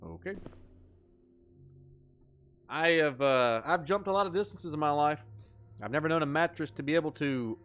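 A man's voice: fairly high pitch, moderate pace, pauses often, fairly bright tone, a little hiss or hum. A young adult man giving live gameplay commentary as a streamer, goofy and joking, swearing at his mistakes.

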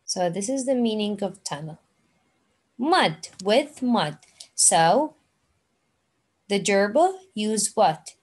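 A woman teaching an English lesson, speaking slowly and repeating words for learners. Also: mid-range voice, expressive, a little mellow, husky. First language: Arabic. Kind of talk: online classroom lesson.

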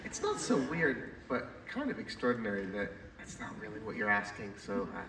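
A man's voice: fairly low pitch, wildly swooping pitch, a little fast, a loud crowd. A man chatting as a panel guest, joking and swearing casually. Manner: jokey, swears casually, hosts the questions. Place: large convention hall. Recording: echoey hall, distant mic, noise.

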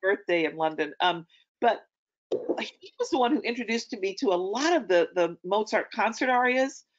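A woman's voice: mid-range voice, lively intonation, normal speed. A middle-aged woman, an opera singer, chatting casually and telling anecdotes with plenty of ums. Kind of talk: casual conversation. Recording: dull lo-fi audio.

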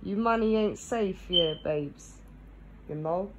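A woman's voice: mid-range voice, takes it slowly, background noise. A woman, chatting casually to camera, tagging nearly every phrase with "yeah?" and laughing between thoughts. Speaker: vlogger.

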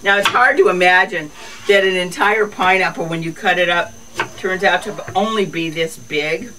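A woman's voice: lowish voice, normal speed, noisy background. A woman hosting a casual cooking and garden show outdoors, chatty and folksy, chatting to her animals as she goes. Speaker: host of a lifestyle show.

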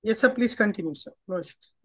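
A man's voice: sits high, animated, quick pace. A man moderating an online lecture over a video call, polite and deferential. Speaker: event moderator.

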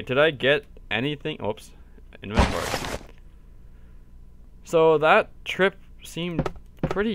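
A man giving casual let's-play commentary, excitable, cursing often and yelping in surprise. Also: medium pitch, noisy background. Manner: excitable, swears often, yelps and shouts in surprise. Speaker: gaming video host.

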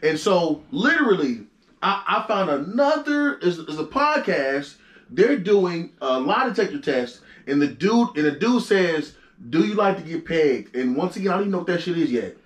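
Animated young man telling stories. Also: a little high, normal speed. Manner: animated storytelling, frequent profanity and stammered restarts. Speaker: podcast host. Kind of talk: casual chat. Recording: echoey room.

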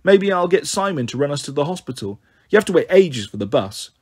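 A man reading a story aloud, voicing a flighty, chatty young mother with a breezy, cheeky manner and a husky voice. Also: fairly high pitch, very animated, fairly quick.

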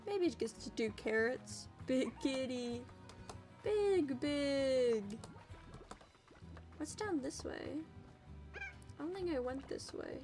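High-voiced excitable woman streamer. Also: a little slow. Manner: excitable, squeals and coos at game creatures. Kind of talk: casual gameplay commentary. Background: game music.

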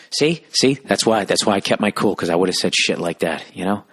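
A man hosting a podcast, telling a story in a profane, animated, exasperated way. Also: low-pitched, a little fast, breathy edge, no echo, clean studio sound. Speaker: podcast host, comedian. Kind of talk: ranting comic storytelling.

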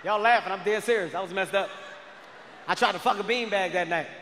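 A man performing a loud, profane stand-up comedy set, telling an animated story. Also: sits high, a little fast, a little hiss or hum. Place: large theater stage. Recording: live stage mic with hall reverb.

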